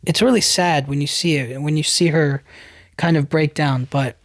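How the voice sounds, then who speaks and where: A man's voice: fairly high pitch, steady tone, moderate pace, dry recording, studio quality. A young man hosting a podcast, recapping a film in a loose, rambling way, full of "like" and "you know what I mean". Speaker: podcast host.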